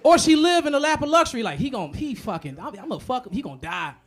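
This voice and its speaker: A man doing a stand-up comedy set, profane and animated, acting out the voices of other people. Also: very high voice, fast.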